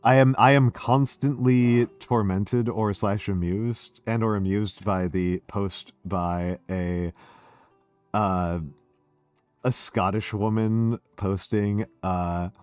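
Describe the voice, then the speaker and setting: A man's voice: fairly low pitch, steady tone, slow pace, darkish tone, clean tone, dry recording, soft background music. An older American man hosting a casual, tipsy drinking stream, rambling and self-deprecating, swearing freely. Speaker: streamer host.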